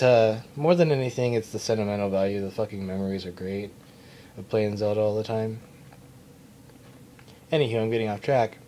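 A young man with a fairly low, warm voice records a casual vlog indoors at his mom's house, rambling, swearing, and making fun of himself. His self-recorded camera mic picks up slight background noise.

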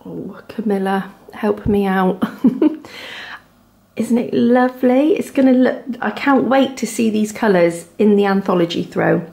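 A woman in her thirties with a Devon accent, chatting casually at home as a knitting vlogger, gushing softly over her yarn. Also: mid-range voice, a little slow, vocal fry. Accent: Devon English. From England. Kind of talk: casual chat to camera. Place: home, indoors.

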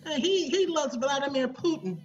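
A man putting on a high, singsong, childish voice to tease someone, in a dull lo-fi recording. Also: lively intonation, normal speed, soft background music. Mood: teasing.

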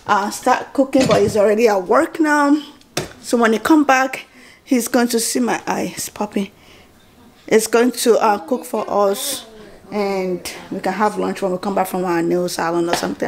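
A woman in her thirties chatting excitedly to her phone camera at home in a casual vlog, stopping and restarting her sentences. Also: mid-range voice, gravelly, noisy background. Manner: chatty, excitable, self-interrupting. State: out of breath. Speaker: vlogger.

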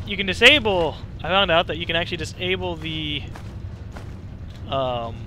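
A young man rambling through casual gameplay commentary, excitable and profane. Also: fairly high pitch, moderate pace, a little hiss or hum. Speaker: let's play gamer.

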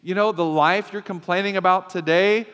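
A male pastor preaching in a church sanctuary in a fairly high voice. He is emphatic and keeps throwing questions to the congregation, while a long reverb carries through the hall. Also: steady tone, normal speed, fairly bright tone, smooth. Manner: emphatic, call-and-response. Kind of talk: sermon.

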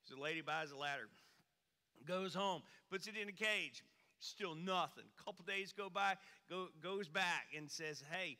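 A man preaching from a church stage. He tells the story in a folksy way, and his voice swings high and loud for emphasis. His tone is very bright and forceful, and his voice rings out through a hall with a long reverb. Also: measured pace. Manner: folksy storyteller, animated swings in pitch and volume. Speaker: pastor. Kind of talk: sermon with a humorous story. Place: church sanctuary.

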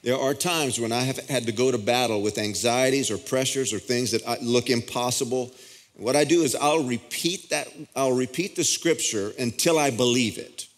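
A male pastor with a mid-range voice preaches a sermon at a moderate pace in a church auditorium. His delivery is conversational, and he often restarts his sentences.

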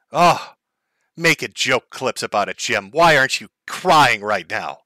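Sarcastic laughing streamer, bright voice. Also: male voice, medium pitch, animated, measured pace, no room sound. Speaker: streamer host. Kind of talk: mocking live-stream commentary.

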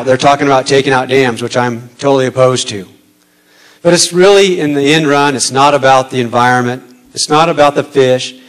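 Male candidate, earnest and halting debate speech, mid-range pitch. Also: rough recording. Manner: halting, many filler pauses; earnest, gets emotional. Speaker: political candidate. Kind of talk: debate statement.

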